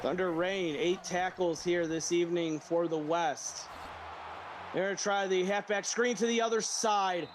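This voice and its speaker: A man calls the plays on a livestreamed game with a high, bright voice, joking and laughing between calls. He jumps to loud shouts when a big play lands. Steady background noise sits under his voice. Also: a little slow. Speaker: play-by-play commentator. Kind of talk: casual stream game commentary.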